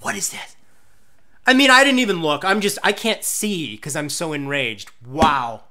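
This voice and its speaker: Young dude freaking out at a game reveal, bright sharp voice, yelling mad then hyped. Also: male voice, on the high side, moderate pace. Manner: excitable, yelling and ranting in mock outrage. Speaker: gaming YouTuber reacting to a trailer. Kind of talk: live reaction commentary.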